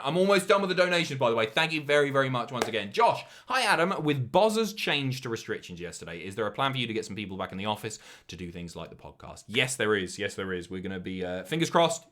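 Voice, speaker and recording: A young man with a Southern English accent chats casually on a live stream, reading out viewer messages. He swears freely and throws in jokey asides. His voice swings widely up and down in pitch. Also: fairly bright tone.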